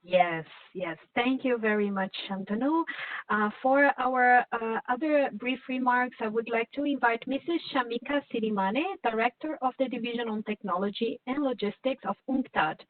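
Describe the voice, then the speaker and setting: A woman hosts an online panel, inviting speakers politely with many small hesitations. Her voice sits fairly high. The audio is dry and narrow, like a phone call. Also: moderate pace, no echo. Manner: polite, with frequent fillers and restarts. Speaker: webinar moderator.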